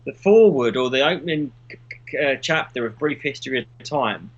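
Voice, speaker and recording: A man's voice: mid-range voice, lively intonation, brisk, highs cut off. A man, co-hosting a podcast in casual chat, rambling through stories and swearing freely. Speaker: podcast co-host.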